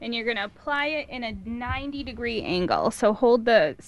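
High-voiced woman giving calm instructions. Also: brisk. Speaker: waxing professional. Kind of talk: step-by-step instruction.

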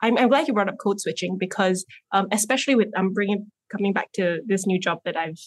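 A woman's voice: mid-range voice, quick pace, dry recording. Earnest woman with a mixed, American-leaning accent. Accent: mixed, mostly American-leaning. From Malaysia. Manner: earnest, reflective. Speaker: guest. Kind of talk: casual talk.

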